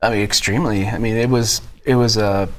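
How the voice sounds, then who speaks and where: Halting, low-voiced man guest. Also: fairly even intonation. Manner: halting, repeats words and restarts. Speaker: bar co-owner, interview guest. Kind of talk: conversational interview answers.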